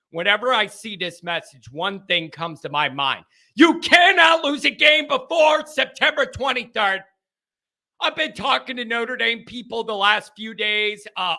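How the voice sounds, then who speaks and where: A man hosts a fan call-in stream, his voice pitched high and sounding piercingly bright. He rants with fired-up excitement, bursting into shouts before talking himself back down. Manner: fired-up, ranting, swings between shouting and calming down. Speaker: host of a sports call-in stream. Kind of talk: excited sports talk rant.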